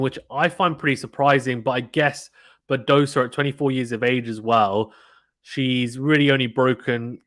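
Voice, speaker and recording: A man in casual watchalong mode, talking to his chat in a mid-pitched voice and often repeating himself. His voice is recorded close and dry, with no room sound, like a desk microphone at home. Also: no room sound. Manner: chatty, repeats himself, talks to chat viewers. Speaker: live stream commentator.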